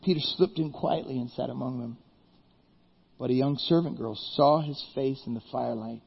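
A man preaching a sermon as pastor, telling Bible stories in a lively way and acting out the characters. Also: mid-range voice, normal speed, creaky, breathy edge, highs cut off.

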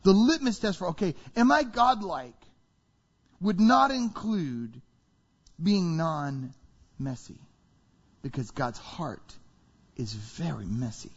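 High-voiced preacher in a reverberant hall. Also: male voice, slow pace, pauses often, husky. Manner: animated, rhetorical questions to the congregation. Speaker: pastor. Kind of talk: sermon. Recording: reverberant hall, dull sound.

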